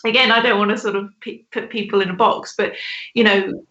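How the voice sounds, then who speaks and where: A woman's voice: mid-range voice, steady tone, fairly quick, sharp tone, echoey room, dull audio. A woman co-hosting a podcast, chatting in a rambling way with many restarts. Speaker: podcast co-host. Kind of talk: casual discussion.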